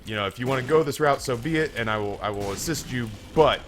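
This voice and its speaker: A man's voice: mid-range voice, quick pace, soft background music, natural voice. A man doing a hesitant, confiding doctor. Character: cautious, secretive older male doctor.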